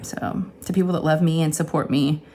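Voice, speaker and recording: A woman's voice: low-pitched, steady tone, fairly quick, mellow. A woman in her forties, a craft channel host, telling a candid personal story in a rambling, emotional way from her home craft room.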